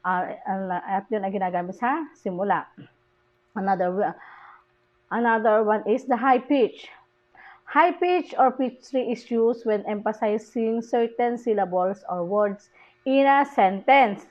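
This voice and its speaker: Slow-speaking Filipino woman teacher. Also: medium pitch. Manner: switches between English and Tagalog, reads example sentences aloud; slow, deliberate delivery with hesitant fillers. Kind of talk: classroom lecture. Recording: dull lo-fi recording.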